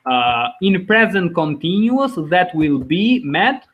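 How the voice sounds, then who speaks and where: A man's voice: high-pitched, sing-song, slow pace, lo-fi sound. A man teaching a language over a video call, patient and encouraging, explaining step by step. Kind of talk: online class teaching.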